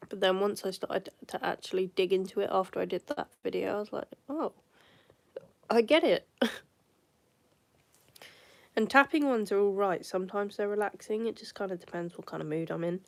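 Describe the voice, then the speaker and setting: A woman's voice: medium pitch, vocal fry. A woman live streaming, chatting in a rambling way and now and then dropping into a whisper. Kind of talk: casual live-stream chat.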